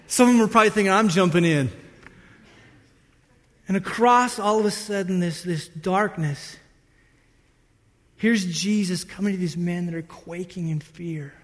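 A man preaching a sermon as a pastor, telling the story with animated, playful energy and acting out the disciples' voices. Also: high voice, moderate pace. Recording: long hall reverb.

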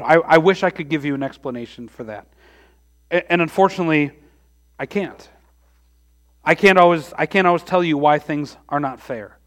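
A man preaching a sermon as pastor, earnest, often repeating and restarting his words, dropping to hushed lines and rising again. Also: a little high.

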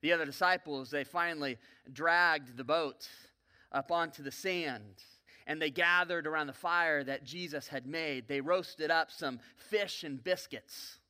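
A man preaching a sermon in a church, telling a story vividly with joking asides and sudden swings between loud and soft. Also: a little high, measured pace, smooth. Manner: folksy, joking asides to the congregation. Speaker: pastor. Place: church sanctuary.

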